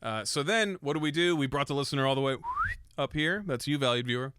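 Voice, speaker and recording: A man's voice: mid-range voice, fast, background noise. A young man casually explaining how he produced a song, joking, swearing and mocking himself as he goes. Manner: irreverent, swears, self-mocking. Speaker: music producer and mixer. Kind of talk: casual tutorial with jokes.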